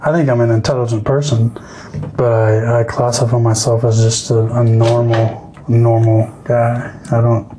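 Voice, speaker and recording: A man's voice: medium pitch, level tone, moderate pace, background noise. A young man on a podcast, talking casually and hesitantly, often restarting his sentences. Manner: hesitant, many restarts and fillers. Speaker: podcast guest.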